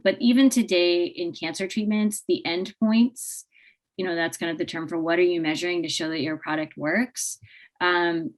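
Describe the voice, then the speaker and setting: A woman speaking as a panelist, briskly explaining with quick asides. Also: fairly low pitch. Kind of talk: panel discussion.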